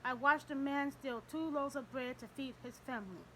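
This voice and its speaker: A woman's voice: sits high, normal speed, bright, forceful tone, rough recording. Audiobook, woman voicing elderly male Russian priest, terse, formal, faint hiss. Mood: bitter. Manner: terse, formal, ignores questions.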